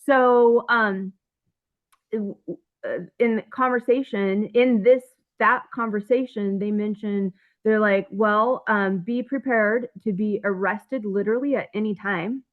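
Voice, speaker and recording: A woman's voice: mid-range voice, steady tone, measured pace. A woman telling her own story as an interview guest, acting out both sides of phone calls, with nervous laughs and stumbling restarts. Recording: thin phone-like audio.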